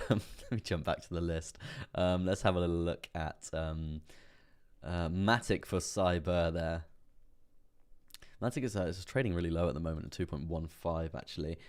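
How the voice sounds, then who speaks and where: A man with a very deep voice hosts a relaxed live-stream about crypto trading. He rambles through charts with lots of fillers, chuckling to himself as he goes. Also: normal speed, smooth. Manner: chatty, rambling, laughs often, many fillers. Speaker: crypto trading livestream host. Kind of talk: casual live-stream market commentary.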